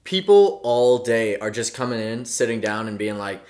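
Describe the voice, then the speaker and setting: A man's voice: mid-range voice, moderate pace. A young man in casual podcast chat who jokes around and laughs a lot. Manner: laughs often, joking and animated. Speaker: podcast co-host.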